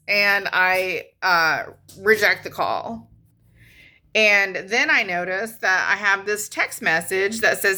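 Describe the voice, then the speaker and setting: A woman's voice: medium pitch, big pitch swings, measured pace, bright, forceful tone. A woman in her thirties telling a rambling, frank story to her camera, swearing casually and trailing off often. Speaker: vlogger.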